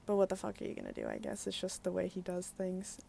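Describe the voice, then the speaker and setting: Chatty woman book vlogger, mellow voice. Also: lowish voice, huge pitch swings, quick pace, creaky, slight background noise. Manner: chatty and candid, with frequent fillers and casual swearing. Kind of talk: casual daily book vlog.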